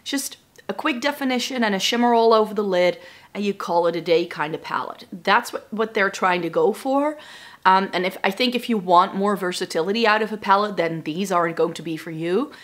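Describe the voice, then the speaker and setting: Woman, slightly raspy recovering voice, chatty, rambling, casual talk to camera. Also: mid-range voice, brisk, fairly bright tone. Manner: chatty, rambling, thinking aloud. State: recovering from lost voice, a little raspy. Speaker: beauty vlogger.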